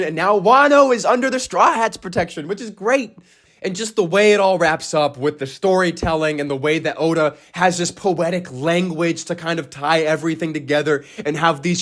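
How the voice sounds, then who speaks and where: A young man talking alone, gushing about a story he loves, with frequent swearing, stammered restarts and sudden squealing voice cracks. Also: high-pitched. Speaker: anime and manga reaction host. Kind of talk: excited solo reaction talk.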